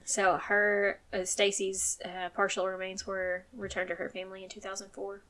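A woman's voice: mid-range voice, completely flat delivery, normal speed, fairly bright tone. A woman hosting a true crime podcast in casual chat, swearing freely and turning firm and emphatic when she gets angry. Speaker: podcast host.

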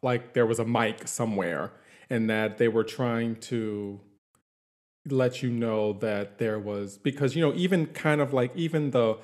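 A man's voice: medium pitch, measured pace, darkish tone. A man chatting casually, recapping a TV series in a rambling, easygoing way with many fillers. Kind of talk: casual chat.

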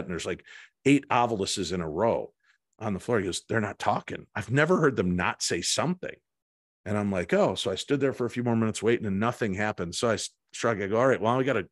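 A middle-aged man, a guest in a casual interview, telling an anecdote with animated delivery and acted-out voices. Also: on the low side, dry recording, studio quality. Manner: animated anecdote-teller, acts out voices and lines. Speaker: guest, paranormal investigator.

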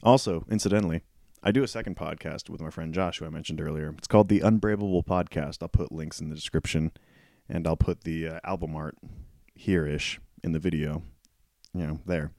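A young man in his twenties rambles through a casual solo podcast with a very low, mellow voice. He mocks himself and swears freely, and a cough keeps cracking his voice. The sound is dry and close. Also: steady tone, brisk, vocal fry, no echo. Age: 20s. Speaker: podcast host.

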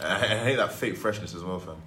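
A man's voice: deep voice, fast talker, bright, forceful tone. A young man with an English accent, joking and laughing as co-host of a casual group chat. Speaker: podcast co-host. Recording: echoey room.

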